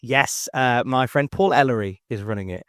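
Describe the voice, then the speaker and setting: A man's voice: moderate pace, no echo, clean studio sound. A man, chatting as a podcast guest, telling rambling stories full of restarts. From England. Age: 40s. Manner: animated storyteller, jumps up in pitch for quoted voices. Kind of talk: casual chat.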